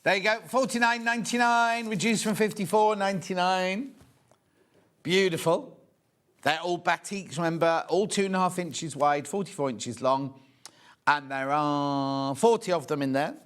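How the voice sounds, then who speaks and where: A man's voice: high voice, moderate pace, a bit bright. A man in his sixties presenting a live shopping show, chatting and bantering with viewers while he shows products. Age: 60s.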